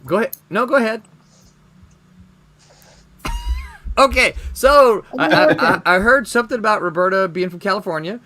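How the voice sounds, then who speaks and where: Guy hosting a video chat, pretty high voice that swings around a lot, keeps laughing and stammering. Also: moderate pace, pauses often. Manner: animated, laughs often, stammers and restarts. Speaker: host. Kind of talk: casual chat on a livestream. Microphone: video call.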